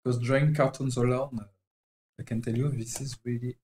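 Brief: French man, mid-pitched voice, halting English with a French accent, casual live-stream chat while drawing. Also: little pitch movement, darkish tone, low-quality recording. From France. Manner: halting and chatty, often searching for words.

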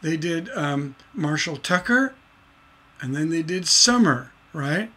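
A middle-aged man leads a livestreamed songwriting lesson. His voice sits a touch high. He explains in a rambling way, full of "uh" and restarts, and he breaks into sung nonsense syllables to show rhythms. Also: animated, a little slow, sharp tone, slightly rough. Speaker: songwriting instructor.

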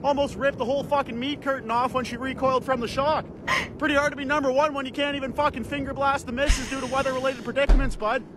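A man's voice: very high-pitched, little pitch movement, fast talker, background noise. A man playing a crude, grumpy guy who rants foul-mouthed, saying "bud" and "eh". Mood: ranting.

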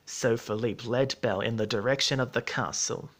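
A man narrating a storybook in a measured, steady reading voice. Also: medium pitch.

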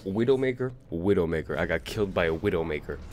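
A man's voice: on the low side, lively intonation, a little slow, a little hiss or hum. A tired man streaming a game live, muttering and complaining to himself as he plays. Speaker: gaming streamer. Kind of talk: live gameplay commentary.

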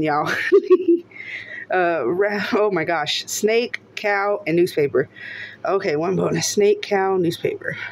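A woman narrating casually as she scratches lottery tickets, often breaking into excited exclamations and laughter. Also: fairly low pitch, slight background noise.

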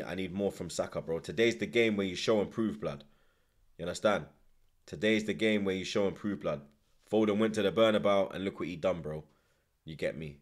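A young man, chatting animatedly as he live-streams a football watchalong, full of slang and repeated tag words. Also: low-pitched. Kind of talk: live stream match commentary and chat.

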